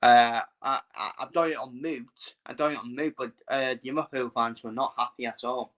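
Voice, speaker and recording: A man hosting a live football watchalong, talking in a loose, chatty way and repeating his points. He is blunt and swears freely. His voice sounds bright and forceful, with a tense edge. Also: medium pitch, fairly even intonation, moderate pace. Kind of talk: casual live football commentary.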